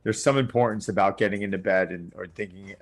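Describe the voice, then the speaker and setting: A man's voice: sits low, quick pace. A middle-aged man, a personal trainer, talking in a casual podcast interview with an earnest, coaching manner, often acting out his clients' lines. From Long Island, New York.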